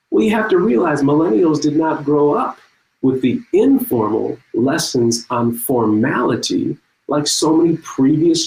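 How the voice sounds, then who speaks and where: A man's voice: medium pitch, echoey room, rough recording. A middle-aged man giving a conference talk, telling humorous stories and speaking directly to the audience. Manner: humorous, lively storytelling with audience asides.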